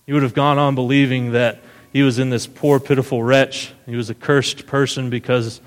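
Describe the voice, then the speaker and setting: A pastor with a mid-range voice and level tone preaches at a normal pace, retelling a story in a relaxed way and often asking "right?" Long reverb from the hall fills the recording.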